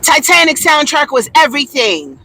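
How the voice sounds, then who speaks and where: A woman giving a loud, theatrical, profane comedic rant, indignant and often yelling. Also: high voice, big pitch swings, normal speed, dry recording. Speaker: vlogger.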